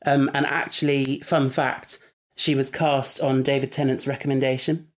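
A man's voice: mid-range voice, flat delivery, moderate pace. Chatty young man telling stories. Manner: chatty storyteller, laughs easily. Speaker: podcast co-host. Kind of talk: casual chat reviewing an episode.

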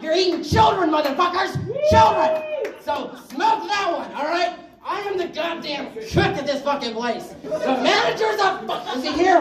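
A man with a strikingly high voice tears through a profane stand-up rant, shouting and firing off lines. He sounds distant and echoey, as if caught from across a bar, with a crowd laughing loudly behind him. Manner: profane, shouting, rapid-fire. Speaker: stand-up comedian. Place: bar comedy stage. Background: audience laughter.

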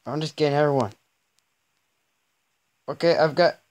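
A man giving let's-play commentary, exasperated and stammering, often pleading out loud with the game. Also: on the high side, moderate pace. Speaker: gaming video creator.

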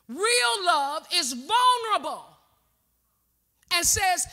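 High, bright-voiced woman pastor preaching. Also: normal speed. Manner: impassioned preaching with call-outs to the congregation. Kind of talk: sermon. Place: church sanctuary.

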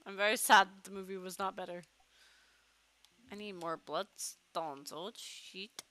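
A young woman chats casually while she plays a game on stream. Her voice is bright and forward, pitched in an ordinary middle range, and she drifts between game remarks and stray thoughts with the odd swear. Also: a little slow. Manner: chatty, swears casually, talks to her pet. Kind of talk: casual gameplay chat.

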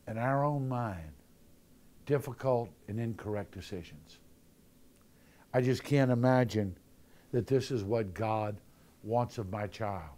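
A man's voice: mid-range voice, warm tone. A man giving a sermon, talking conversationally and telling jokey stories. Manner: conversational, jokey storytelling with acted-out voices. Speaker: preacher.

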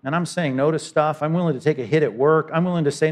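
A man preaching a sermon as pastor, swinging from loud to hushed and voicing imagined speakers. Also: on the high side, fast talker, hardly any pauses. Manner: dynamic preaching, voices imagined speakers, sudden drops to quiet.

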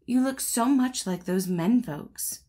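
A woman's voice: a little high, slow pace, warm tone, pitched above the performer's own voice. A woman voicing a bashful, modest young female garter in a storybook, refusing in a prim, haughty way.

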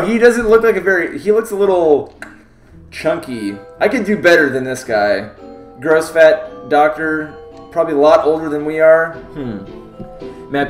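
A man live-streaming a game playthrough, reading the text aloud and joking about it between lines, talking to his chat. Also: a little high. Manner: talks to chat. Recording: roomy echo with faint game music. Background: game music.

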